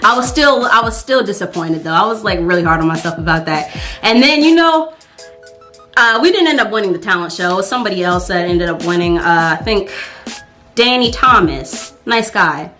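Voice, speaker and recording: A woman's voice: medium pitch, animated, moderate pace, sharp tone, faint music behind. A young woman telling a casual storytime on her vlog, chatty and full of fillers. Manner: chatty, lots of fillers, acts out her own thoughts. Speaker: vlogger.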